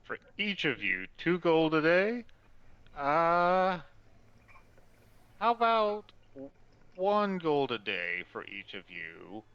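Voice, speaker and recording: Guy playing tabletop rpg in character, slow lively talk, kinda muffled mic. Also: fairly high pitch, smooth, no room sound. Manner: bargaining, casual, filler-heavy. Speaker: player. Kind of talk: in-character tabletop role-play.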